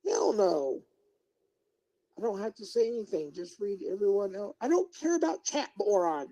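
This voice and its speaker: A streamer rants at one person on a live broadcast, talking straight to them and ignoring the chat. The voice is warm and mellow, neither high nor low, but the manner is confrontational: questions come again and again, and the lecturing turns to pleading. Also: expressive, moderate pace, dull audio. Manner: confrontational, scolding, repeats questions. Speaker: livestreamer. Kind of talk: livestream rant addressed to one person.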